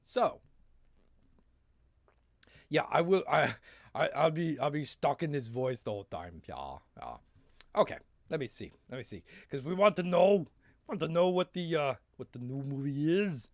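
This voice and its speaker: A man's voice: on the high side, very animated, measured pace, pauses often, no room sound, clean studio sound. A man hosting a live comics review stream, talking in a sarcastic, rambling way that keeps interrupting itself. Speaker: host.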